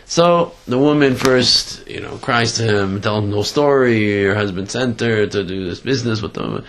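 A man telling a story in a Torah class, halting with many fillers and animated retelling. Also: fairly low pitch. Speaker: Torah teacher.

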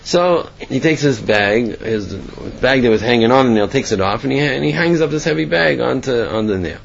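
A man's voice: mid-range voice, moderate pace, gravelly, muffled recording, slight background noise. A man giving a sermon and telling parables, asking himself questions as he goes. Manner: storytelling, animated, asks himself questions.

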